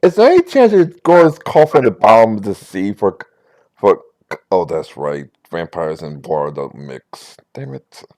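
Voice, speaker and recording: A man's voice: on the low side, big pitch swings, moderate pace, darkish tone. A man playing in a tabletop game who makes casual joking remarks. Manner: laughing, joking asides. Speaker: player. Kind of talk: casual chat.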